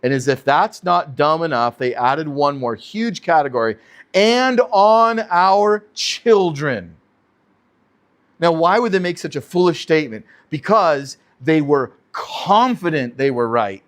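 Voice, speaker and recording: A man, a pastor, teaching verse by verse with animated delivery, rhetorical questions and chuckling asides. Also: fairly high pitch, moderate pace, hardly any pauses.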